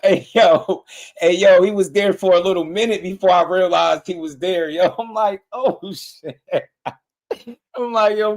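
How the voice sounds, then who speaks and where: A man holding forth in casual, slang-heavy commentary about a fighter, his voice sitting a little higher than most men's. He talks straight to his listeners and breaks into chuckles between points. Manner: animated, slangy, laughs often, talks to the viewer as "Lisa". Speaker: boxing commentator. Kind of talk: casual opinion talk.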